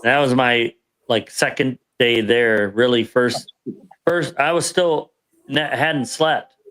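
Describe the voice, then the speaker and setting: A man with a mid-pitched voice tells a story from his time in the service as a podcast guest. He rambles and circles back, restarting his sentences as he goes. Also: slow pace, a bit bright. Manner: rambling, restarts and self-corrections. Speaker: veteran guest telling a story.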